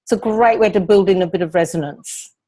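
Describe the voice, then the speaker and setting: A woman speaking coach answering questions in a Q&A session, calm and instructive, with a lowish, resonant speaking voice. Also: a little fast.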